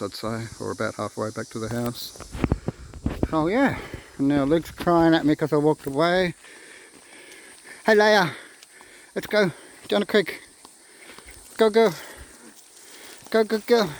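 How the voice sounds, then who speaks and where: A man's voice: on the high side, darkish tone, low-quality recording. Chatty man vlogging outdoors. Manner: chatty, rambling, talks to his dogs. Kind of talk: casual outdoor vlog. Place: outdoors by a creek. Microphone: phone camera. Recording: faint outdoor background noise. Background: faint outdoor nature sounds.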